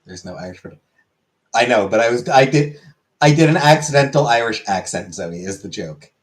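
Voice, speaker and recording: A man's voice: medium pitch, lively intonation, moderate pace. Rambling man in casual stream chat. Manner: rambling, self-correcting, trailing off.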